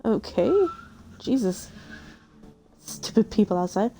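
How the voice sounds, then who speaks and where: A woman reads a game's story aloud in a mellow, darker voice, slipping in playful chatty asides between lines. Faint music plays underneath her. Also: medium pitch, brisk. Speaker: streamer reading a game story aloud. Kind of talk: casual read-aloud with asides.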